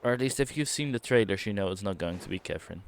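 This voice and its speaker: A man's voice: lowish voice, expressive, fast, slight background noise. A man giving casual, laid-back gameplay commentary on a stream, mumbly at times and swearing lightly.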